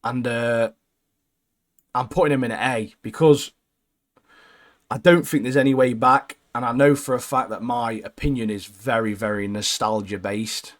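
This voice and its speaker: A man's voice: mid-range voice, normal speed. A young man co-hosting a casual gaming podcast, bluntly giving his opinions and saying "mate" constantly. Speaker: podcast co-host.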